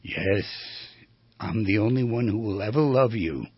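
A man voicing a clingy, possessive mother who speaks low and soft. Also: animated, measured pace, husky, dry recording, muffled recording.

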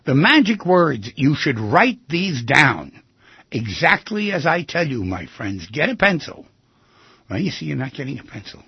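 Male talk show host, raspy, gravelly, lively pitch swings, folksy advice, dull dry recording. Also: a little slow, no room sound. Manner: animated, folksy, acts out quoted speech.

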